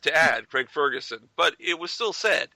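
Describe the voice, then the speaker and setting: An American man hosting a podcast, playful and lively, setting up scenes for the others. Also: fairly high pitch, moderate pace, vocal fry, no room sound. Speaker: podcast host. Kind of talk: casual chat.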